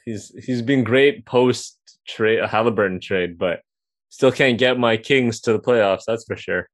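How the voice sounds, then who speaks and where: A man hosting a casual sports podcast, joking around, laughing easily and rattling off stats. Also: medium pitch. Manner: jokey, laughs easily, rapid-fire stats. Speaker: podcast host.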